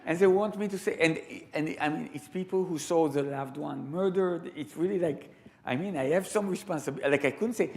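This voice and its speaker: Animated Israeli storyteller man. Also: fairly high pitch, a little fast. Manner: animated, self-interrupting, laughing asides. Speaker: storyteller guest. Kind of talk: live storytelling talk. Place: large temple sanctuary.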